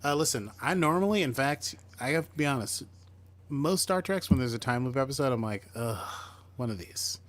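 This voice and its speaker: A man's voice: medium pitch, lively intonation, normal speed, fairly bright tone. A man co-hosting a podcast, chatting casually as he retells a TV episode and acts out bits of the characters' lines. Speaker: podcast co-host. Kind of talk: casual chat recapping a TV episode.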